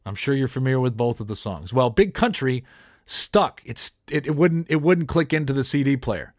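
A man's voice: mid-range voice, lively intonation, normal speed, dry recording, studio quality. A man who hosts a podcast and has worked as a radio DJ, telling a story in casual chat with many restarts. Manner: rambling, many restarts and self-corrections.

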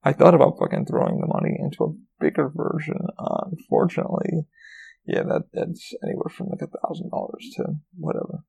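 A man's voice: on the high side, brisk, creaky, dark tone, husky, poor audio. A man hosting a solo podcast, rambling casually with lots of swearing, fillers and restarts. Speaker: podcast host.

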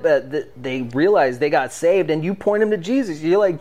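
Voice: mid-range voice, fairly quick, few pauses, a little mellow. A podcast host talking with a guest in an enthusiastic, emphatic way. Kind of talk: podcast conversation.

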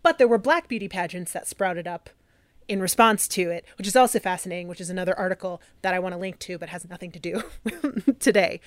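A woman co-hosting a podcast in casual chat, chatty and quick to laugh. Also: on the low side, no room sound. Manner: chatty, trails off, laughs a lot. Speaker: podcast co-host.

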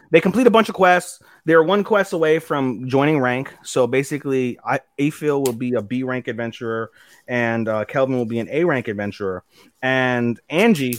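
Profane young man recapping anime. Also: medium pitch. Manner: rambling, profane, acts out character lines in quick voices. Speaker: podcast co-host.

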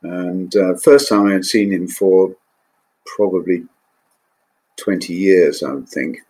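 An older man, a former naval pilot, recalling his flying days in an interview, measured and hesitant with frequent ums. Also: sits low, a little mellow. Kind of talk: interview recollection.

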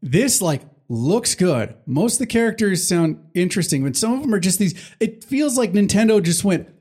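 A man's voice: sits high, big pitch swings, normal speed, darkish tone, breathy edge. A man chatting casually on a podcast, rambling and swearing, with frequent filler words. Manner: profane, rambling, breaks into goofy impressions. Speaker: podcast co-host. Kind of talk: casual chat.

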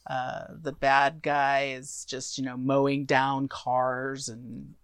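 A woman's voice: extremely low pitch, little pitch movement, slow, smooth, dry recording. A woman co-hosting a casual movie review chat, easygoing and defending the film.

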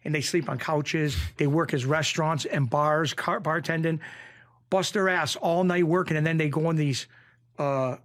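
A man from Springfield, Massachusetts, guesting on a talk show. His voice sits slightly high for a man. He tells his story in a loose, animated ramble, stopping and restarting as he acts out what others said. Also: moderate pace. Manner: rambling, animated, full of restarts and acted-out lines. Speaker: guest, former mob associate. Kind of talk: casual storytelling.

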